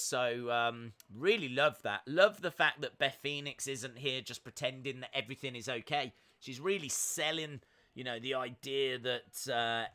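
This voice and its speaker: A man's voice: medium pitch, pushed and bright. A young man hosting a casual live wrestling watch-along, chatty and upbeat with lots of fillers, reading out viewer messages. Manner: chatty, upbeat, many fillers, reads out chat. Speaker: live-stream reaction host.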